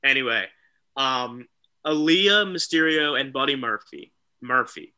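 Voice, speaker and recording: A man co-hosting a casual wrestling talk show, excitable and animated, often mimicking people. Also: medium pitch, measured pace, clean tone. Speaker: podcast co-host.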